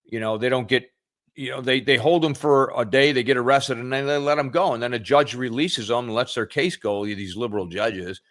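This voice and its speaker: A middle-aged man chatting on a podcast, telling a story in a folksy way with pauses. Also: medium pitch, fairly bright tone. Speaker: podcast co-host. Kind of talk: casual political chat.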